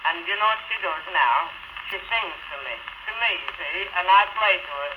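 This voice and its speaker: A man's voice: lively intonation, moderate pace, muffled recording. A man playing a cheerful, simple young Yorkshire shepherd with a northern dialect, chuckling as he talks, in a comic music-hall monologue. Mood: boastful. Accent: northern English dialect. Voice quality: high chirpy voice, chuckling between lines. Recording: scratchy early 78 rpm record.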